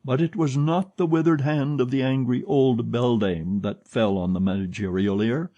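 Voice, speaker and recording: A man narrating a classic novel as an audiobook, with a lively, expressive reading. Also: mid-range voice, normal speed, highs cut off. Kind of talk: scripted narration.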